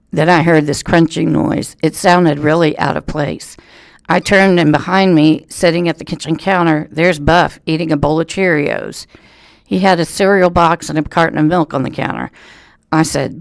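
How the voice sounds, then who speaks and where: Gravelly man reading local news. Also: a little high, fairly even intonation, normal speed, no echo. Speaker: radio reading service volunteer reader. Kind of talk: reading a news article aloud. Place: thrift store.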